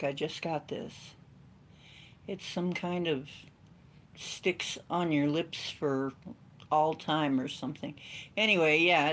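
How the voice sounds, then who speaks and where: Woman, live stream host, unhurried, playful, joking, chatty. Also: low-pitched. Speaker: card reader hosting a live stream. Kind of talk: casual chat on a live stream.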